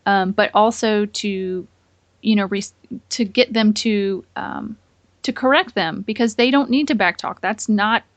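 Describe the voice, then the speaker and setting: A woman's voice: medium pitch, unhurried, dry recording. A woman hosting a podcast interview, affirming her guest and asking questions with many fillers. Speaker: podcast host. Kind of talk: conversational interview.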